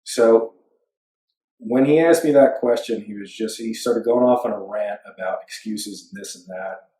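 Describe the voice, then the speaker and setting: Animated young man telling stories, roomy sound. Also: medium pitch, normal speed. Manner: animated storyteller, swears casually, acts out quotes. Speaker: interview guest. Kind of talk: casual interview storytelling. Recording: roomy, somewhat distant mic.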